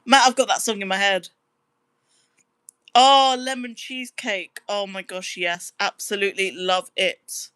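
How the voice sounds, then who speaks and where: A woman's voice: steady tone, measured pace, fairly bright tone, smooth, dry recording. A young British woman chatting casually on a livestream, reading out viewer comments in an upbeat way. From Britain. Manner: chatty, upbeat, squeals high when surprised. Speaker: livestreamer and musician.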